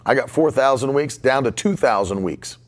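A man's voice: medium pitch, expressive, normal speed. A man in his forties preaching a podcast sermon, emphatic and fond of repeating short punchy lines. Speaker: pastor.

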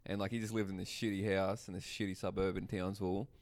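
A man's voice: sits low, flat delivery, fast talker, darkish tone. A man in casual podcast chat, bantering bluntly and crudely with heavy swearing.

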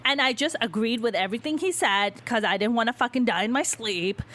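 A woman's voice: fairly high pitch, brisk. A young woman telling a story in casual chat, swearing freely and acting out the voices of the people in it. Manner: animated, swearing, acts out quoted voices. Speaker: podcast host telling a story.

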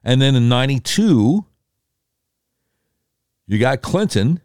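Lively man telling a political story. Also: mid-range voice, clean tone, no echo, studio quality. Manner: lively, jumps into quick impressions of voters and politicians.

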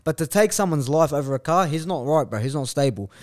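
Fast-talking young man telling a story. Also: a little high, expressive. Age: 20s. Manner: blunt storytelling, heavy swearing and slang. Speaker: podcast guest. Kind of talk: casual chat.

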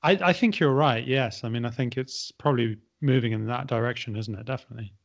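A British man in an easygoing conversation, answering questions and agreeing readily. He speaks at an ordinary pitch and slips in dry humour. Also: quick pace, vocal fry. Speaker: podcast co-host. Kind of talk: casual educational chat.

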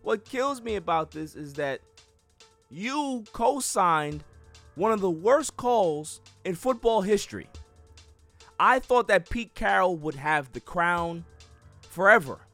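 A man's voice: high-pitched, animated, slow, pushed and bright, soft background music. A man hosting a sports podcast, ranting emphatically and repeating words as he builds each point. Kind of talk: casual sports talk.

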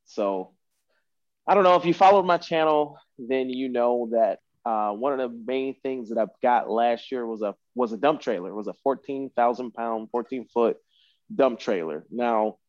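A man's voice: mid-range voice, moderate pace, darkish tone, no room sound, dull audio. A man telling a long story as a podcast guest in casual talk, rambling and repeating himself.

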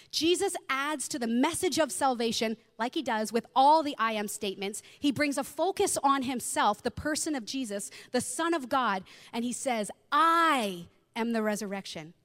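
A woman preaching with an expressive, storytelling delivery, giving voice to the people she quotes as she goes. Her voice sits fairly high, and a long reverb trails after her words as if she is in a large hall. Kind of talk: sermon with personal storytelling.

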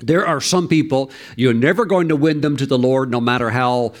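A man, a pastor, preaching a sermon and telling a story in an animated way, with fillers and restarts, his voice rising at the dramatic moments. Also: medium pitch, normal speed.

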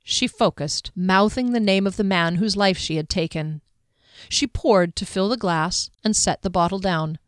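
A woman narrating a fantasy audiobook in a measured, even storytelling manner. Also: mid-range voice, no room sound, clean studio sound.

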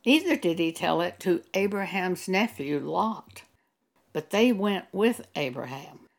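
Slow, gravelly woman preaching. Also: fairly low pitch, animated. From Texas. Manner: slow, measured teaching. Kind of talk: sermon.

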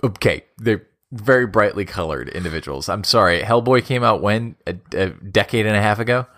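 A man's voice: lowish voice, fairly quick, a bit bright. Playful, laughing male co-host. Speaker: podcast co-host. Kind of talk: casual chat.

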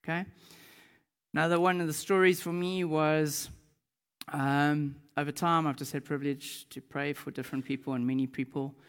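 A man preaching a sermon, telling personal stories with lively energy and loud reenacted moments. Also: fairly high pitch, moderate pace, clean tone. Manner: animated storytelling, shouting in reenactments. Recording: long hall reverb.

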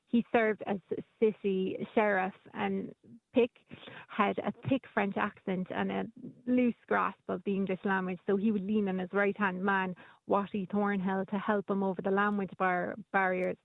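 A woman's voice: mid-range voice, level tone, moderate pace, vocal fry, no echo. A woman telling local stories as a radio guest, chatty, with plenty of ums and restarts. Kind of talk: casual radio chat. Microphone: phone. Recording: phone line.

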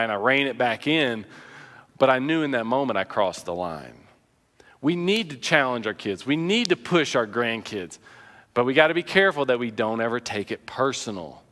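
A man's voice: mid-range voice, sharp tone, in a large hall. A man preaching a sermon as pastor, conversational and earnest, telling personal anecdotes.

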